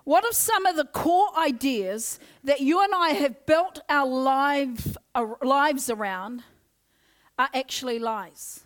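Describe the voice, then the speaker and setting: A young woman preaching an energetic Pentecostal sermon in a church, loud and exclaiming as she leads the congregation in call-and-response. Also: high voice, slow pace. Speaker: guest preacher. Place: church service.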